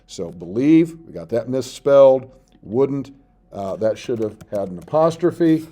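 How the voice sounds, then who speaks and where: Male teacher, mellow voice, patient step-by-step classroom explainer. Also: medium pitch, big pitch swings. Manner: explains step by step, reads out sample text slowly while typing. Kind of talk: screen-recorded tutorial.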